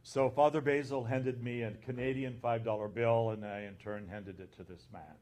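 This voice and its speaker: A man who is an abbot, telling an anecdote in a conference talk and recounting the dialogue in an unhurried way. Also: medium pitch, steady tone, a little mellow.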